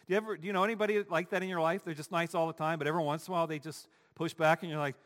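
Man, pastor preaching, high-pitched, emphatic, long hall reverb. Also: steady tone, racing, hardly any pauses. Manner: emphatic, swinging between quiet asides and loud declarations. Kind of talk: sermon.

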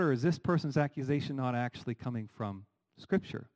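A middle-aged male pastor delivers a sermon with lively, animated energy. He leans on rhetorical questions and quick asides, and his pitch sits at an ordinary middle register for a man. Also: low-quality recording.

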